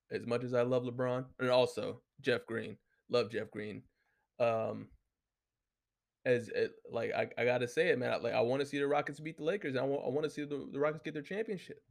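With a gravelly mid-range voice, this solo talk show host goes on a casual profane rant. He gets heated, swears nonstop, and leans heavily on filler words.

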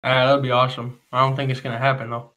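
A man's voice: mid-range voice, level tone, fast, sharp tone. A man chatting casually as a podcast co-host, laid-back and teasing his friend, laughing often. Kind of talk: casual chat.

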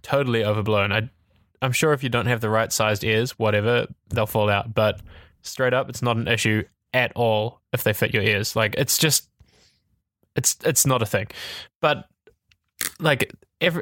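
A man in mid-range pitch co-hosts a casual tech podcast, talking in an opinionated, animated way and laughing easily. His voice sits close and dry on the mic, with no room sound. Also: no room sound. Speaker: podcast co-host.

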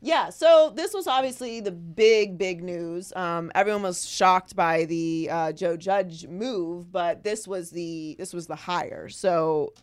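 A woman hosting a podcast, talking sports casually in an animated, opinionated way with quick asides. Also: on the low side. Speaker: podcast host.

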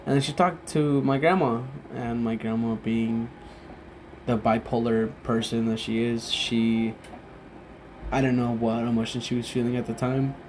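Drunk young guy rambling on, trips over his words and swears a lot, average pitch. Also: flat delivery, darkish tone, a little hiss or hum. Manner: halting, loses his train of thought, swears often. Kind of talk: casual rambling monologue.

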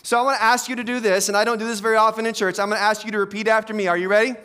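Pastor, male, higher-pitched voice, sermon delivery with wide dynamic swings from hushed to forceful. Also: little pitch movement, racing, clean tone. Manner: dynamic preaching, swinging from soft and low to loud and emphatic. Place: church.

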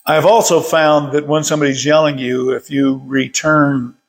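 A man's voice: fairly high pitch, fairly even intonation, normal speed. An older man leading a casual Bible study from his workshop, folksy and chuckling as he tells stories.

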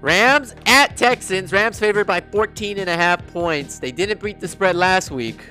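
High, bright-voiced man teasing his co-host. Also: unhurried, faint music behind. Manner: teasing, reads out betting lines. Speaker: podcast co-host. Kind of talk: casual sports chat.

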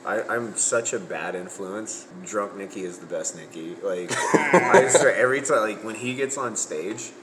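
A man and comedian chatting casually, excitable and profane, laughing often. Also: fairly low pitch, unhurried, in a large hall, over a noisy crowd, rough recording. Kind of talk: casual chat.

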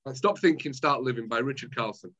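On a low-quality recording, a Scottish mind management coach appears as a guest in a casual chat, speaking a little fast in a mid-range voice. He's an animated storyteller who acts out scenes from his own past.

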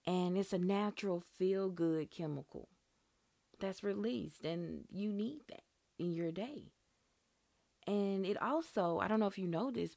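A woman's voice: on the low side, creaky, darkish tone, dry recording. A woman hosting her own podcast, talking in an earnest, chatty and encouraging way. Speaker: podcast host. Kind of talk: casual solo podcast talk.

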